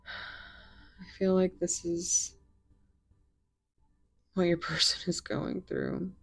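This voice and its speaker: A woman doing a pick-a-card tarot reading, talking in a soft, musing way that drifts into whispers. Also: on the low side, little pitch movement, drawn-out words, gravelly, breathy edge, no room sound. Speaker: tarot reader.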